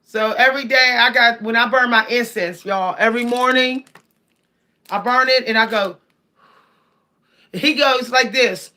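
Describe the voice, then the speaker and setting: High, bright-voiced woman chatting casually. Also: a little slow, pauses often. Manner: animated, laughs often, addresses viewers directly. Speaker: cat owner vlogger. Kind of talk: casual storytelling to viewers.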